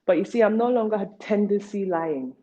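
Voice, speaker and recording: A woman's voice: mid-range voice, a little fast, dark tone. A woman from Nigeria, an artist being interviewed, talking in a playful, tangential way full of wordplay. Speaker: artist guest. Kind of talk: rambling interview talk. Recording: dull lo-fi recording.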